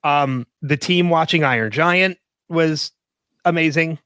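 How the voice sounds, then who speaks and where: A man's voice: a little high, slow pace, pushed and bright, smooth, dry recording. A man co-hosting a casual podcast discussion, rambling with lots of fillers and laughing often. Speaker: podcast co-host.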